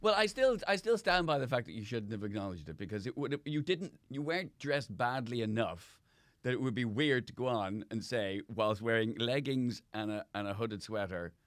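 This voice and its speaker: A man's voice: mid-range voice, animated, normal speed, no room sound, clean studio sound. A man, a comedian guest, telling rambling anecdotes with lots of restarts in a casual chat.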